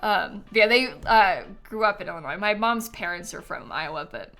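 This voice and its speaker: Bright, lively woman streamer chatting. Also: medium pitch, moderate pace. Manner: chatty, giggly, answers chat questions. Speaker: streamer playing a life-sim game. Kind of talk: casual live-stream chat.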